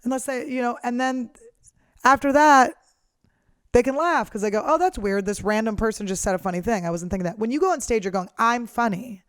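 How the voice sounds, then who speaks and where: A woman's voice: a little high, brisk, no echo, clean studio sound. Blunt, foul-mouthed woman comedian. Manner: blunt, profane, lively ranting. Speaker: professional comedian, podcast host. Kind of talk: casual monologue.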